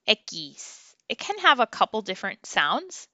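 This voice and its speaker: A woman teaching a Spanish phonics lesson online, slowly sounding out syllables for learners to repeat. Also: mid-range voice, big pitch swings, bright, forceful tone, no room sound, dull audio. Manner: slow, clear drilling of syllables for learners to repeat.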